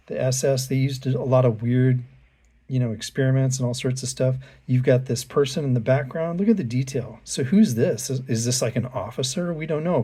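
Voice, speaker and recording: A man's voice: medium pitch, dark tone, slightly rough. A man hosting his own channel, chatting casually to viewers as he walks through an art book. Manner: chatty, addresses viewers directly.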